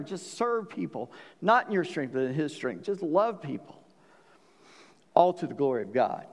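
Folksy pastor preaching in a reverberant hall. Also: male voice, on the high side, normal speed. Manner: folksy, joking, animated when quoting scripture. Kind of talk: sermon.

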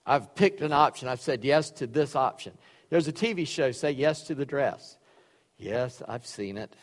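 A man's voice: medium pitch, expressive, moderate pace. Preacher man in an echoing hall. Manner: folksy, joking asides between reading. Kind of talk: sermon with scripture reading. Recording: long reverb of a large hall.

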